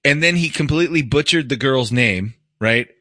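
A man's voice: medium pitch, normal speed, bright, forceful tone, no echo, studio quality. A middle-aged man co-hosting a podcast, telling a story in casual, profane chat and laughing often. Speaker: podcast co-host.

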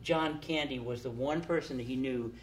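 An older man telling casual anecdotes, animated, acting out the people he quotes. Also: medium pitch, normal speed, slight background noise. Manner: animated storyteller, acts out quotes. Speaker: storyteller guest.

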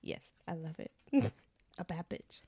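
A young woman with a slightly low voice chats through a book's plot for her co-host, bubbly and quick to laugh. Her voice is recorded close and dry, with no room sound. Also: big pitch swings, mellow, breathy edge, dry recording. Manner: bubbly, laughs often, retells plot with slang. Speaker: podcast co-host. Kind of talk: casual chat recapping a book.

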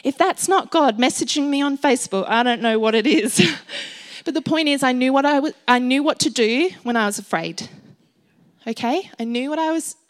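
A woman's voice: high-pitched, normal speed. A middle-aged woman preaching a sermon in an earnest, conversational way, often asking the listeners questions.

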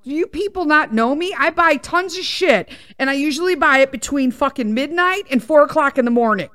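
A woman's voice: high voice, lively intonation, brisk, few pauses, a bit bright. A woman hosting a podcast, telling a story as a heavily profane, exasperated rant. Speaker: podcast host.

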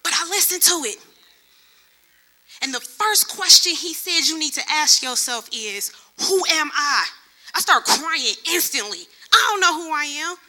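Young woman preaching a testimony sermon, high and very bright, animated storyteller. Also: measured pace. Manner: lively storytelling, acts out other people's voices. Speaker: church speaker.

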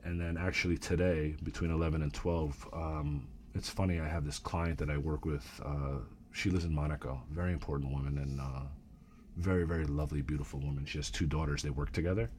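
A man, a real estate agent, telling animated work stories in casual chat and swearing freely. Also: rumbling low, brisk, a little hiss or hum.

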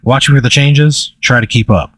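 A man's voice: medium pitch, normal speed, a bit bright, no room sound, natural voice. A man putting on the voice of a male rock star bandleader, a playful showman impression inside a story.

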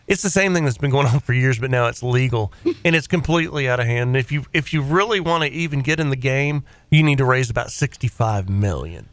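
Man, radio talk host, casual rambling chat, mid-pitched, dry close studio sound. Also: fairly quick, hardly any pauses, no echo. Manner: rambling, animated storytelling. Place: private studio.

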